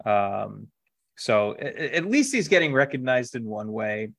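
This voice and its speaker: Slow, rambling podcast co-host, a man. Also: mid-range voice, big pitch swings, creaky, fairly bright tone. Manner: rambling, many fillers and restarts; acted on stage. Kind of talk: casual chat.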